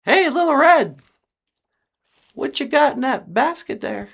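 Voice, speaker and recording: Lady putting on a sneaky big bad wolf, laid back and drawly, high and swoopy voice. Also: lively intonation, unhurried, creaky, exaggerated voice. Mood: sly. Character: sly hungry male big bad wolf.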